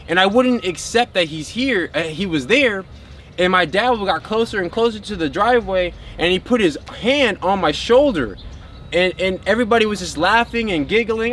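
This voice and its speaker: Casual, rambling man with a higher voice. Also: a little fast, fairly bright tone, slight background noise. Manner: rambling, heavy on filler words; addresses viewers as a group. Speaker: spiritual vlogger. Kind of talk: casual spiritual monologue.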